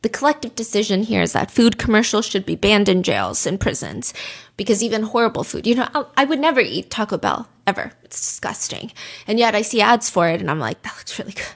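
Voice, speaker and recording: A woman's voice: medium pitch, fairly quick, vocal fry. A woman hosting a true-crime podcast, telling the story casually and dramatically and acting out the quotes. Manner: expressive, dramatic, acts out quotes. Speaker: podcast host.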